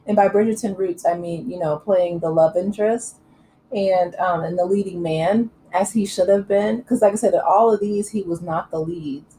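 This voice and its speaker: Chatty opinionated woman, mellow voice. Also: fairly low pitch, normal speed, slight background noise, rough recording. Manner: chatty and opinionated, many fillers and asides. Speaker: channel host. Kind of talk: casual commentary vlog.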